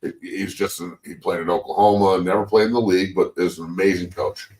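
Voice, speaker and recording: A deep-voiced man in his forties swaps football stories in casual sports-show banter, cursing freely and acting out what coaches said. His voice sits a little back from the microphone. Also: brisk, distant mic, poor audio. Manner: profane, animated storyteller acting out quotes. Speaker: show host, former NFL lineman turned coach.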